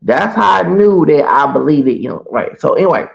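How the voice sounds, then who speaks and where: A man's voice: a little high, animated, brisk, vocal fry, lo-fi sound. A man telling a rambling, profane story on a casual livestream through a computer mic. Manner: rambling, profane, repeats himself.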